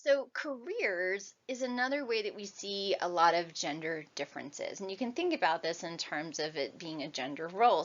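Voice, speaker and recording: A woman's voice: medium pitch, a bit bright, lo-fi sound. A woman in her forties giving a recorded university lecture in a conversational way, often checking in with "right?". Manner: conversational, tags sentences with "right?".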